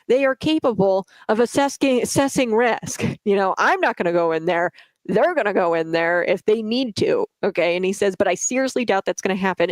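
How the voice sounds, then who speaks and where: A woman delivers opinionated political commentary in an emphatic, mocking tone. She laughs scornfully between points and keeps asking "okay?" to hammer them home. The sound is dry and close to the mic, with no room echo. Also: medium pitch.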